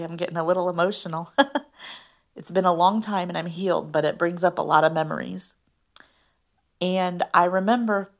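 Woman, low voice, earnest personal testimony, halting delivery. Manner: earnest, halting, with fillers and restarts. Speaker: guest sharing her story.

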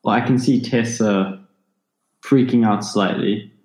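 A man with a fairly low voice plays a character in a tabletop game. He speaks in short, casual bits. The room around him echoes. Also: fairly even intonation, a little slow, a little mellow. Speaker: player. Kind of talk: role-playing a character. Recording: roomy echo.

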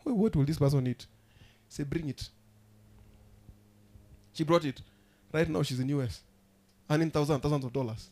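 A man preaching a sermon as pastor, emphatic and rousing, with sudden loud outbursts. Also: a little high, moderate pace, long pauses.

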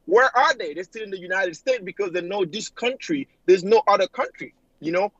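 A man's voice: sits high, lively intonation, brisk, fairly bright tone, no echo. Earnest African man calling in by phone. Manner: earnest, rambling, filler-heavy. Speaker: caller. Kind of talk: call-in talk show caller. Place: home in New York City. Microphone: phone line. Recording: dull lo-fi phone call audio.

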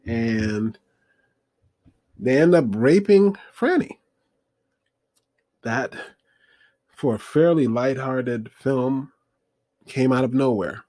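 A man's voice: medium pitch, slow, long pauses, warm tone, no room sound. Guy rambling about a movie, lots of ums and uhs, checking stuff as he goes, dead dry room. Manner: rambling, hesitant, many fillers, looking things up as he talks. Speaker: movie reviewer. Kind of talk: casual movie review monologue.

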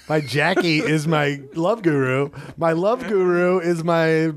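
A man's voice: on the high side, a little slow. A young man co-hosting a podcast in casual banter, laughing, swearing and jumping between topics. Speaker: podcast co-host.

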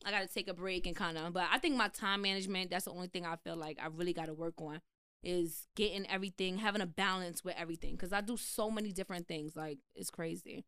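Young woman from the west indies chatting slangy on a podcast, bright crisp voice, dry close mic. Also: lowish voice, fast talker, no echo. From West Indian. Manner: casual slangy, animated storytelling. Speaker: musician guest. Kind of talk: casual interview.

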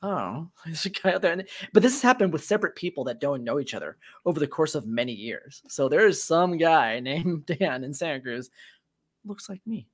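A man co-hosting a casual conversation, telling anecdotes in a laid-back, joking manner. His voice is mid-pitched but moves up and down a lot as he talks. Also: animated, moderate pace. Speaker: podcast co-host. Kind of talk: casual chat.

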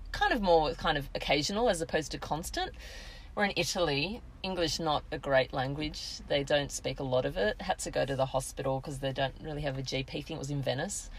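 A woman's voice: deep voice, rough recording. A middle-aged woman, co-hosting a podcast and telling a story in casual chat, laughing and acting out quotes. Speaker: podcast co-host.

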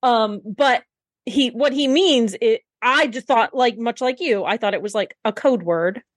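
Higher-voiced woman gushing, dry sound. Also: a little slow, no room sound. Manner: enthusiastic, rambling, laughs often. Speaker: podcast co-host. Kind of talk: casual recap chat.

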